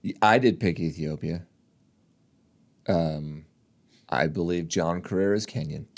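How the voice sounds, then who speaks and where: A man with a low, darkish voice and a slightly slow pace co-hosts a casual running podcast. He jokes, teases and laughs often throughout the chat.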